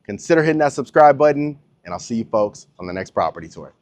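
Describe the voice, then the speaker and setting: Guy walking thru a house showing it off, chatty salesy, talks right to the viewers, mid pitch. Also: sing-song, quick pace, darkish tone. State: a bit out of breath. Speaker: real estate tour host. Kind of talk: walking home tour vlog. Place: inside and around a model home.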